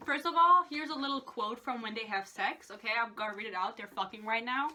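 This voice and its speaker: Bright-voiced woman ranting about a book. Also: fairly high pitch, fairly quick, hardly any pauses. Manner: exasperated, swears often, laughs between points. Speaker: book reviewer. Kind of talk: casual book rant.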